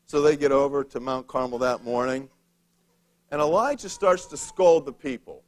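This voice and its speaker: A man's voice: medium pitch, moderate pace. A male preacher retelling a Bible story in a casual, conversational sermon, with a humorous touch.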